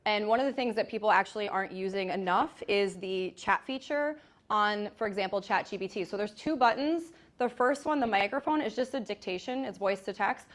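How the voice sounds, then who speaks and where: A woman giving a live presentation in a large room, energetic and chatty, demonstrating as she goes. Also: mid-range voice, a little fast. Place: large room with hundreds of agents.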